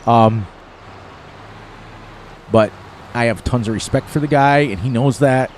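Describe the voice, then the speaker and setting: An older man in his sixties, from the eastern United States, talks through a farming game in a loose, rambling way. His voice sits at a medium pitch, and he chuckles at his own jokes. Faint outdoor noise hums behind him. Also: measured pace, darkish tone. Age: 60s. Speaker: gaming streamer. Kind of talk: casual gameplay commentary.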